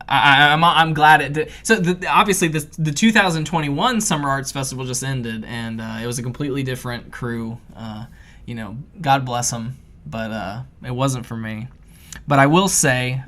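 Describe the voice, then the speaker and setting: A man with a bright, forward voice talks through a personal story on a podcast. His phrasing is loose and rambling, with plenty of fillers and restarts, and he turns animated and laughing when he acts out his own moments of panic. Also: mid-range voice, moderate pace. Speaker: podcast co-host. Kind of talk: casual storytelling chat.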